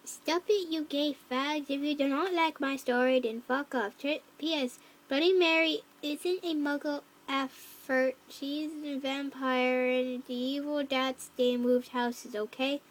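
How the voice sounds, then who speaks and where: A woman voicing a young cat-girl troll who reads a fanfic aloud, with flat narration, mocking asides and yelled quotes. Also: high-pitched, measured pace. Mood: deadpan reading. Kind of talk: fan reading of a story.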